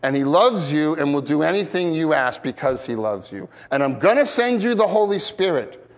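A man's voice: normal speed, in a large hall. A man preaching a conversational expository sermon, who acts out quoted lines in bigger voices and often restarts his sentences. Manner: animated, acts out quoted lines with big pitch jumps. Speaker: pastor.

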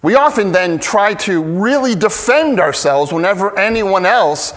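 A man's voice: high-pitched, lively intonation, a little slow, a bit bright. A man preaching a sermon as a pastor, earnest and emphatic, often restarting his phrases.

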